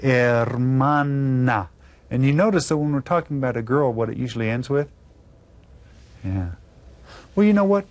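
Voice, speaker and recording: A man's voice: medium pitch, expressive, fairly quick, long pauses, a little mellow. A man teaching a video Spanish lesson to children, patiently spelling words out letter by letter.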